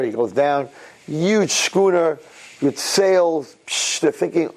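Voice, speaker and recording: A man giving an inspirational religious talk on a recorded message. He tells a parable with lively swings between hushed and excited delivery. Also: slow. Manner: animated storyteller, swings between low and excited. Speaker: Jewish religious speaker. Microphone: recorded tape message.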